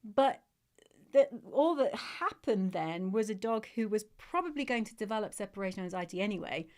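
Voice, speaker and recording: A woman hosting a live podcast chat on dog training, warm and encouraging, getting emotional as she talks to her audience. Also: medium pitch, expressive, moderate pace.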